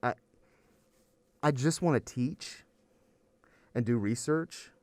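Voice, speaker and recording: A man's voice: mid-range voice, slow pace, darkish tone, no echo. Weary man in a dry, rambling podcast chat. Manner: rambling, emotional, restarts often. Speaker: anthropology professor, guest. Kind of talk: casual podcast interview.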